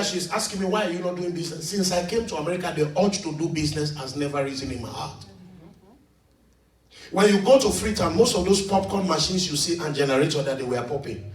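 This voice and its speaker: Man, preacher, high voice, echoey hall, distant mic. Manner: preaching, swings from quiet storytelling to shouted calls. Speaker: pastor. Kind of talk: sermon with storytelling. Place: church hall, in front of a congregation. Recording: echoey church hall from far off.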